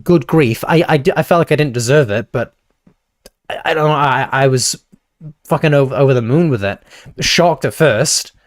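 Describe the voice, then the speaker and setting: A man's voice: mid-range voice, moderate pace, dry recording, studio quality. A young man streaming live, rambling casually to his chat, often breaking off mid-sentence and fondly thanking viewers, speaking into a handheld mic he holds awkwardly. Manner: rambling, self-interrupting, affectionate to chat. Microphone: handheld mic, held awkwardly.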